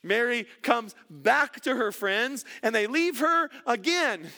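A man's voice: very high-pitched, expressive, slow, bright, forceful tone. A middle-aged man preaching a sermon, earnest and repeating words for emphasis. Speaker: pastor.

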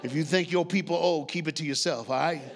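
A man's voice: fairly high pitch, fast, some chatter behind. A male pastor telling a story in a sermon, joking and talking back and forth with the congregation. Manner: lively, jokes with the congregation. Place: church sanctuary.

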